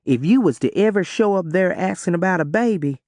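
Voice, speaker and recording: A man doing gruff, stern woman Simone. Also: expressive, a little mellow, no echo, clean studio sound. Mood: lecturing. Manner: slow, low, clipped dialect. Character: gruff, hard-drinking Southern woman, stern and secretive.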